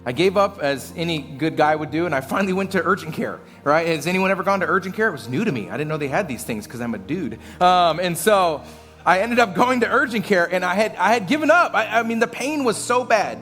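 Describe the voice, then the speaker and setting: Male pastor, slightly high voice, animated storytelling sermon with self-mocking humor, faint music behind. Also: brisk. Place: church service.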